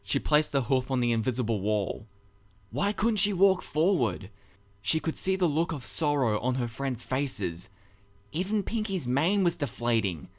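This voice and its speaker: A man narrating his own story in a dramatic audiobook reading, with measured, expressive storytelling. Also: medium pitch. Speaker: narrator and author.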